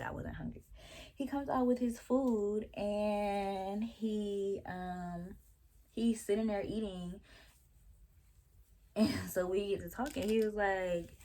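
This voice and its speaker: A woman's voice: mid-range voice, a little slow, a little mellow. A woman vlogger casually telling a story, chatty and exasperated, with restarts along the way.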